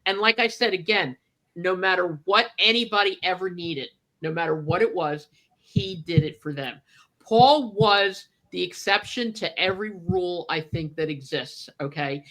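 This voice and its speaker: A woman with a bright, clear voice tells stories in casual reminiscing chat. She acts out what people said as she goes, like a radio co-host looking back on the old days. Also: fairly low pitch. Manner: animated storyteller, acts out quotes.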